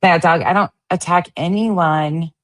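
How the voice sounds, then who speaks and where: A woman's voice: lowish voice, steady tone, a little slow. A woman hosting a casual commentary show, reacting to stream clips in a sarcastic, profane and mocking way. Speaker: host.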